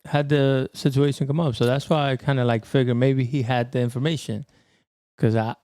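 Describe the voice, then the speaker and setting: A man's voice: medium pitch, fairly even intonation, a little fast, darkish tone, dry recording, clean studio sound. A young man co-hosting a podcast in casual, slangy chat, laughing often. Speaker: podcast co-host.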